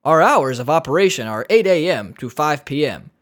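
A comedian mimicking a slow, flat automated pharmacy phone menu voice as part of a comedic rant. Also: medium pitch, close to an everyday voice. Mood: droning. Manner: slow, flat, formal recorded announcement.

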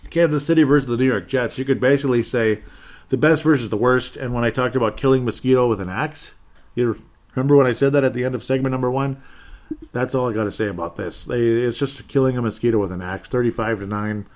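A man talks through the week's football results on his own podcast, in an average-pitched voice. He rambles and turns sarcastic, sighing and chuckling between scores. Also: quick pace, darkish tone. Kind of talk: casual solo sports recap.

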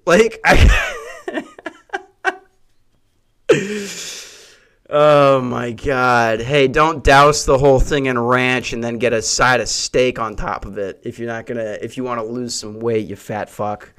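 A man's voice: medium pitch, unhurried, fairly bright tone, smooth. Profane ranting man podcasting at home. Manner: crude, profane, ranting and self-mocking. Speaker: podcast host. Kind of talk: solo comedic podcast rant. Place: hot brick house.

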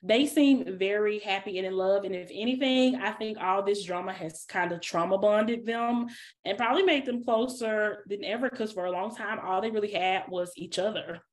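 Woman cohost, laughs a lot, chatty and animated. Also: medium pitch, normal speed. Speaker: podcast co-host. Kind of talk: casual chat.

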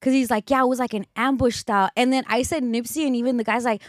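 A woman's voice: on the high side, fast talker, no room sound, studio quality. A young woman with a Los Angeles accent, co-hosting a podcast and telling a story in casual chat, quoting people as she goes. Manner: animated storyteller, quotes others, many fillers. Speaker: podcast co-host.

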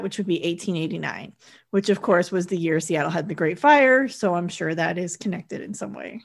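A woman's voice: fairly low pitch, fairly quick, vocal fry. A woman in casual chat, walking through a film's plot step by step with dates and times. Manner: steady plot summary, reads out dates and times. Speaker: podcast co-host. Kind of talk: casual chat recapping a film.

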